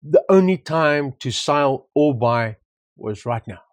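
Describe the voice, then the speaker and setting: A man's voice: fairly high pitch, lively intonation, slow, no room sound. A man co-hosting a property discussion, talking casually and reflectively, telling anecdotes and repeating words for emphasis. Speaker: property market co-host. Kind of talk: casual conversation.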